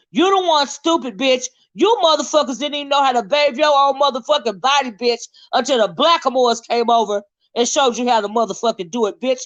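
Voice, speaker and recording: American woman, high voice, angry profane rant, confrontational, muffled lo-fi sound. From United States. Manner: profane, confrontational, repetitive insults. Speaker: channel host. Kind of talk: angry ranting monologue.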